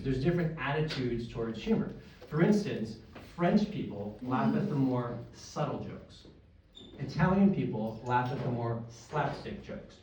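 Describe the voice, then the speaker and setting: American stand-up comic in an echoey club. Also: male voice, mid-range voice. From United States. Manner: dry, self-deprecating punchlines with audience banter. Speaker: stand-up comedian. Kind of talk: stand-up comedy set. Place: comedy club stage, live audience. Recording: echoey room, distant mic, loud noise.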